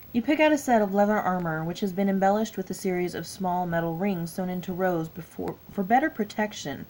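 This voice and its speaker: A woman's voice: medium pitch, slight background noise, rough recording. Tired Southern woman reading a game aloud. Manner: stumbles over long words and laughs at herself. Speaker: gaming YouTuber. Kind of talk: reading a text adventure game aloud with asides.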